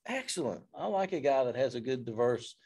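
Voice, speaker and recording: A man's voice: mid-range voice, big pitch swings, a little fast, darkish tone, slight background noise. A man quoting an approving veteran fire chief.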